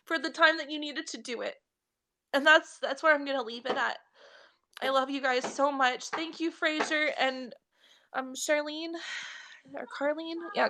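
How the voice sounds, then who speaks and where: A young woman spiritual reader talks to her viewers on a live stream, tearful and earnest. Her voice is high and emotional, and the words come slowly between her tears. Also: sharp tone. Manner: tearful, heartfelt, affectionate. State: crying.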